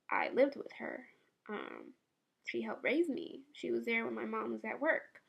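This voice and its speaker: Tearful young woman with vocal fry. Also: fairly high pitch, wildly swooping pitch. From San Francisco Bay Area. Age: 20s. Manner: soft, halting and emotional. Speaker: vlogger. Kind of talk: personal memorial monologue.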